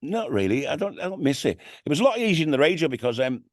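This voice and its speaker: A man's voice: a little high, sing-song, quick pace, no room sound, clean studio sound. A middle-aged man with a Liverpool accent, talking in a casual, rambling way in an interview, with lots of "you know what I mean". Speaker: radio DJ and TV presenter, interview guest. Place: radio studio.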